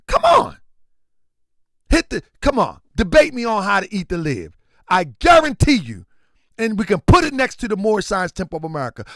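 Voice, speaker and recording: Lively, high-pitched male livestream host. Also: no room sound, clean studio sound. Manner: animated, preachy, shouting at times. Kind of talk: casual livestream talk.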